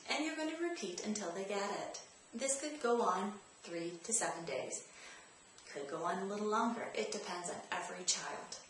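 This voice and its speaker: A woman of medium pitch hosts a parenting tips vlog, directly coaching her viewer and circling back to her key points. The very echoey room has faint ambience and slight background noise.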